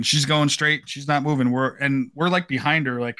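A man's voice: fairly high pitch, steady tone, brisk, hardly any pauses, sharp tone. An American man hosting a podcast over a video call, telling rambling stories with frequent laughter. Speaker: podcast host. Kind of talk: casual chat.

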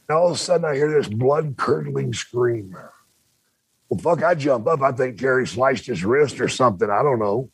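An older man telling a rowdy story in casual chat, animated and swearing freely, acting out the people in it. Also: medium pitch, moderate pace, slightly rough, no room sound. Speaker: podcast guest storyteller.

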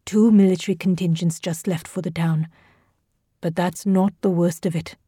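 A woman reading the lines of a tense, quick-tempered male school official in an audio drama, speaking clipped and defensive. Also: high voice, steady tone, dark tone, breathy edge, dry recording, studio quality. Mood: grim.

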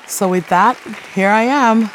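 A woman from Sierra Leone hosting a radio program, reading measured introductions. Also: mid-range voice, some chatter behind, slight background noise. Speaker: radio host.

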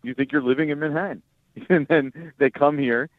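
A man, a sports reporter, calling in as a guest and explaining things in a relaxed, rambling way. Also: a little high, normal speed, no room sound. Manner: relaxed, explains at length with fillers. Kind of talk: casual radio interview. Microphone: phone line. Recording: tinny phone line.

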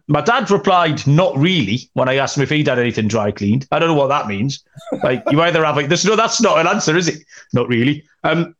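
A man's voice: on the high side, fairly bright tone. A young adult man co-hosting a betting podcast, telling rambling jokey stories in casual chat with lots of fillers. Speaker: podcast co-host.

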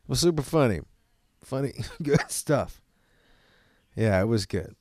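A man hosting a podcast, telling stories in a loose, profane, animated way with laughs along the way. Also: medium pitch, measured pace, no room sound, studio quality. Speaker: podcast host. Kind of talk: casual storytelling chat.

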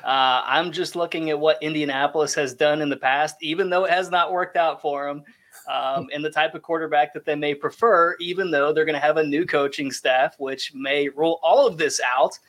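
Higher-voiced man, thoughtful sports talk. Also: fairly even intonation, normal speed, fairly bright tone. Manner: thoughtful, hedges, laughs easily. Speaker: sports analyst panelist. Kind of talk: casual sports analysis.

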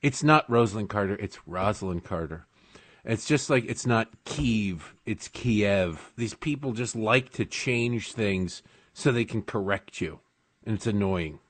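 A man's voice: on the low side, animated, measured pace, a bit bright, no echo. A man co-hosting a radio talk show, teasing his partner with sardonic jokes. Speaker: radio co-host. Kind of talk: casual radio banter.

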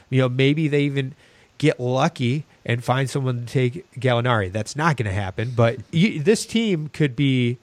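A man co-hosting a fantasy basketball podcast, analytical with halting restarts. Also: mid-range voice, a little mellow, no room sound. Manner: hesitant restarts, then analytical. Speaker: podcast co-host. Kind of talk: casual fantasy sports chat.

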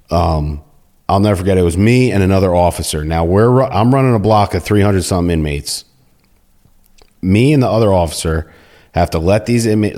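A middle-aged man, a former prison officer, bluntly telling a story in an interview, swearing freely and acting out the dialogue. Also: low-pitched. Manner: blunt, heavy swearing, animated retelling with quoted dialogue.

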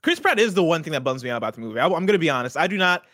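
A young man speaks fast in a slightly raised voice, keen and excitable as he chats. The sound is dry and close to the mic. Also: fairly high pitch, no echo. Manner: eager, excitable, quick questions. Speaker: podcast co-host. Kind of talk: casual chat.

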